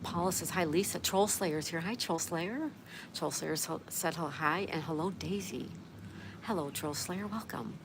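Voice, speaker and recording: A woman's voice: lowish voice, unhurried. A woman hosting a casual livestream, reading viewer comments aloud and greeting each viewer by name in a friendly way. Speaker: livestream host. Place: outdoors. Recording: steady outdoor background noise.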